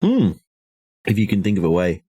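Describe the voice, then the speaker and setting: A man running a tabletop horror game as game master, narrating in a measured, descriptive way with small hesitations. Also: low voice, wildly swooping pitch, dark tone, breathy edge.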